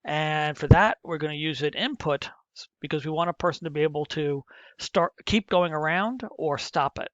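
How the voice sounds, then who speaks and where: A middle-aged man teaches programming in a screen recording, taking it step by step and muttering as he types. He talks at normal speed in a slightly high, a bit bright voice; there's no room sound, but the lo-fi mic is muffled and dull.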